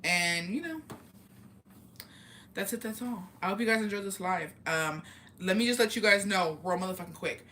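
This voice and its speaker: A woman's voice: medium pitch, expressive, moderate pace, pauses often, fairly bright tone, slight background noise. Profane, chatty woman on a live stream. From Mexican heritage. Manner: blunt, profane, chatty, reads comments aloud. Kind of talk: casual live-stream chat.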